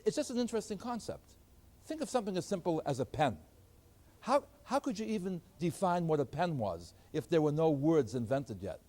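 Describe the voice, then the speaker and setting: Animated, fairly high-voiced male math lecturer. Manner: animated, emphatic teacher. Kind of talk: classroom lecture.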